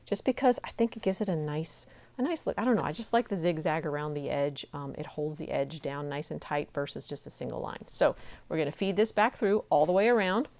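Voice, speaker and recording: Her voice low and darkish, a middle-aged woman talks a little fast while teaching sewing at her machine. She stays chatty and supportive, narrating each step as she goes.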